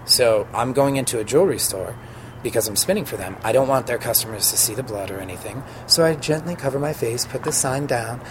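A man at a middling pitch, recounting a work mishap with lively energy. He slips into quick little impressions of other people as he talks and laughs along. The recording carries steady noise from traffic around him. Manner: animated, acts out quoted voices, laughs while telling. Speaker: sign spinner guest. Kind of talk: casual storytelling interview.

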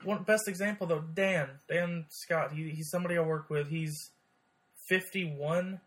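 A man's voice: on the high side, fairly even intonation. Stammering man co-hosting a podcast. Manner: quick, stammering repeats. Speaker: podcast co-host. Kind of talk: casual chat.

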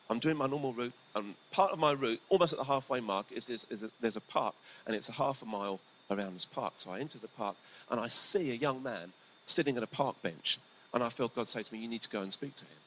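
A male pastor preaching a sermon in a conversational, storytelling way, his voice swinging between lively bursts and hushed asides. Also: medium pitch, rough recording. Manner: conversational, animated, often drops to a hushed voice. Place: church hall. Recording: faint hiss.

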